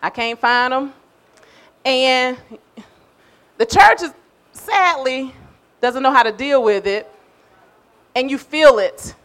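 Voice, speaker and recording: An older woman giving a conversational sermon as a minister, emphatic and animated, acting out voices as she tells it. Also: sits high, slow, long pauses, clean tone.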